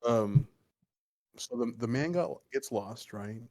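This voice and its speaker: On a podcast, a male co-host casually tells a folk story, swearing often and rambling with plenty of fillers. His mid-range voice is mellow and expressive, and he speaks slowly and loosely.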